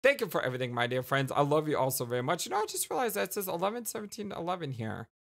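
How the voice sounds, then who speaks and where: Reading game text aloud and chatting with her viewers, this let's play host speaks very fast in a deep, creaky voice with big pitch swings. She's congested and giggly, ending with warm, affectionate goodbyes.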